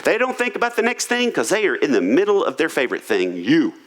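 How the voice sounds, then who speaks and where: Male pastor, sermon, slightly high voice, animated pitch, joking, conversational. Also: quick pace, poor audio. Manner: humorous, conversational, self-deprecating. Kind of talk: sermon on marriage. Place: church auditorium.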